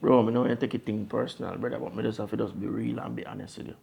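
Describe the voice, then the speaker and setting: A man's voice: on the low side, steady tone, racing, gravelly, mellow, breathy edge, exaggerated voice. A man with a Jamaican accent playing a man who takes his deported brother in, blunt and frank in a lecturing way. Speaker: actor in a crime drama. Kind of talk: Jamaican Patois film dialogue.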